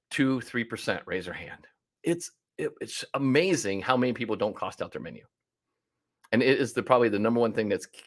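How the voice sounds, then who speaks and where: A man's voice: mid-range voice, a bit bright. Guy running a restaurant workshop online, chatty and punchy, acts out client calls. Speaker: restaurant coach leading a workshop.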